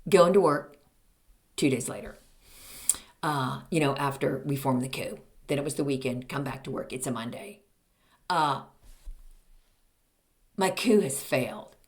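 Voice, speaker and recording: A woman's voice: rumbling low, measured pace, long pauses. A woman in her fifties, a podcast host, telling a comedic story in a snarky, exasperated way.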